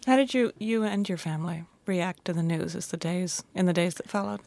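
A woman interviewer asking questions in a gentle, thoughtful way. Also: fairly low pitch, a little fast, vocal fry.

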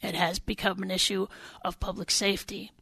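A woman state senator explains policy on a radio interview, earnest and deliberate. Her voice is gravelly and somewhat husky. The sound is close and dry. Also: medium pitch, little pitch movement, pushed and bright, dry recording. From Wisconsin.

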